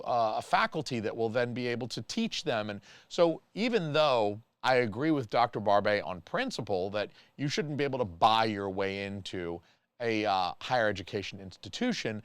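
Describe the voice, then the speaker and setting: A man delivers casual solo film commentary, rambling and full of opinions, restarting his sentences with fillers. His voice is smooth and resonant at a middling pitch. The recording is close and dry. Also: no echo. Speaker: movie reviewer.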